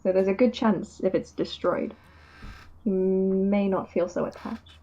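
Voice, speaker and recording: A woman playing an investigator in a tabletop game, questioning calmly and patiently. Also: medium pitch, lo-fi sound. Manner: calm, measured, patient questioning. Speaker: player.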